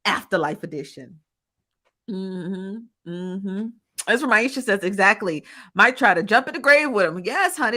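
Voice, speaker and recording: A woman's voice: fairly low pitch, moderate pace, sharp tone. A woman hosting a casual live-stream commentary, laughing often and calling viewers "honey" and "child" as she reads the chat.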